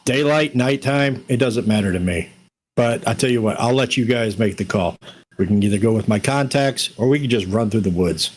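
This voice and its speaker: A man's voice: medium pitch, moderate pace. A man with a Bronx accent role-playing his character in a tabletop game, cocky and wisecracking.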